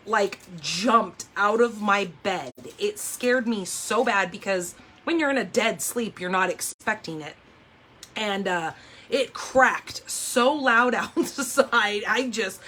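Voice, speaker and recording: A talkative woman hosts a live papercraft class from her craft table at home. Her voice is mid-pitched and casual, full of "like" and "oh my gosh" as she tells stories. Faint background noise sits under her voice. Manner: chatty, animated storyteller, says "oh my gosh" and "like" a lot. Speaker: papercraft livestream host. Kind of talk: casual chat while demonstrating card making.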